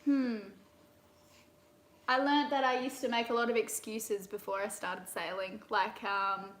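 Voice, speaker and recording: A woman's voice: fairly high pitch, flat delivery, measured pace, a bit bright. A woman co-hosting a casual livestream chat at home, chatty and giggly with lots of fillers. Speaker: sailing vlogger co-host. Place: indoors at home. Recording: echoey room.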